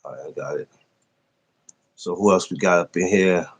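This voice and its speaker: A man's voice: deep voice, normal speed, slightly rough. A man hosting a casual podcast livestream, greeting viewers by name and talking loosely, with profanity and frequent laughs. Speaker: podcast host greeting live chat.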